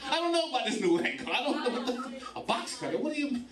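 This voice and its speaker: This fast-talking comic has an extremely high voice with big swings in pitch, cursing and laughing through crowd work at a bar comedy club. The recording is distant and echoey, with the crowd in the mix.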